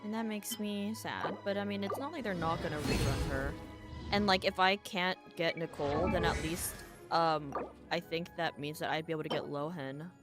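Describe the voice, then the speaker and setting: A woman streams a game in casual commentary, her voice on the low side. She rambles, thinks aloud and curses often. Loud game music runs under her voice. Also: moderate pace.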